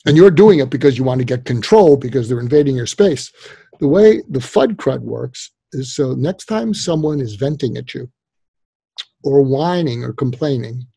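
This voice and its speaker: A man with a husky, mellow voice explains his advice as an interview guest. He talks in an animated, emphatic way with plenty of "you know" fillers. The recording is dry and close. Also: mid-range voice, moderate pace, no echo. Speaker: guest psychologist and author.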